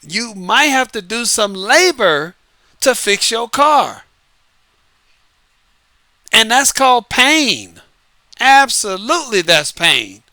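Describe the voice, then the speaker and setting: A man hosting his own show as an author, giving a casual, lively monologue, repeating himself and laughing often. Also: very high-pitched, slow pace, long pauses, dry recording. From United States. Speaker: podcast host and author. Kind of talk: casual late-night monologue. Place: Southern California.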